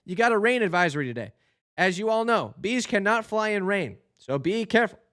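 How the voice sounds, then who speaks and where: A man voicing a gruff male bee squad leader who gives orders in a loud drill-sergeant manner. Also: sits high, sing-song, brisk. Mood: briefing.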